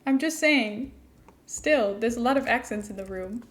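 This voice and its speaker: At normal speed and with a fairly bright tone, a young woman with a fairly high voice and an international-school American accent chats her way through a live game stream. She giggles a lot and keeps up with viewer questions while pausing between building tasks.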